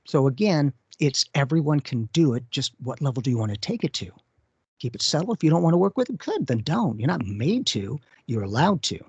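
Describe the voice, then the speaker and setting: Very animated and fairly quick, this husky mid-range voice belongs to a man co-hosting a radio talk show as a psychic medium. He tells casual stories and acts out quoted voices, heard through dull lo-fi radio audio with no echo.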